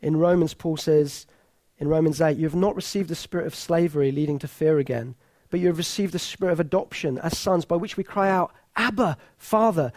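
Earnest high-voiced preacher. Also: male voice, no room sound. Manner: earnest, emphatic, drops to soft intimate tones. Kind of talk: sermon.

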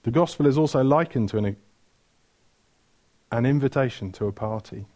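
A man's voice: medium pitch, normal speed, warm tone. A man preaching a sermon, retelling stories with energy, asking the room questions and correcting himself mid-flow.

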